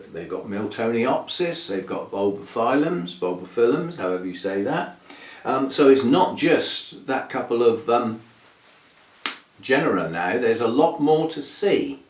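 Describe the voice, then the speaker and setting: A man hosting a casual, rambling chat about his hobby, with fillers and soft laughs. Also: medium pitch, lively intonation, unhurried, distant mic. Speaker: orchid channel host. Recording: echoey room, voice a bit off-mic.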